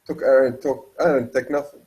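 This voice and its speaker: Man doing a jumpy chop-shop guy, stammering, cursing, defensive, mid-pitched. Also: little pitch movement, brisk, dark tone, highs cut off, natural voice. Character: nervous blustering male chop-shop owner.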